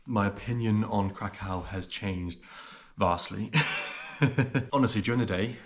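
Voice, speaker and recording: A man's voice: fairly low pitch, unhurried, no echo. A young man talking casually to camera as a travel vlogger, rambling as he walks around a city. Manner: rambling, chatty, loose filler-heavy talk. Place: outdoors walking a city.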